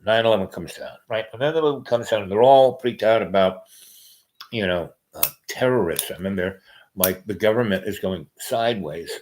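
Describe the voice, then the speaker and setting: A man's voice: on the low side, moderate pace, a little mellow, a little hiss or hum, poor audio. A man hosting a podcast, talking in a meandering casual monologue with many fillers and restarts. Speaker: podcast host.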